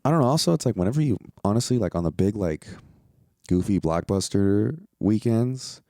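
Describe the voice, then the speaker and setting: A young American man hosts his own podcast and rants in a loose, swearing, rambling way. His voice sits very low with a gravelly, fry-heavy edge. The recording is dry and close, with almost no room sound. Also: expressive, normal speed, warm tone, no echo. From United States. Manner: profane, rambling, exasperated. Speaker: podcast host. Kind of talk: casual solo podcast rant.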